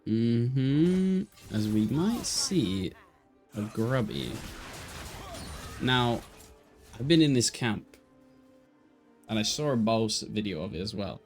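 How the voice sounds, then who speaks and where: A man's voice: fairly low pitch, slow pace, pauses often, soft background music. Casual male esports caster, tired. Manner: chatty, talks to stream chat, jumps to excited shouts at big plays. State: tired, yawning. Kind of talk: live play-by-play commentary.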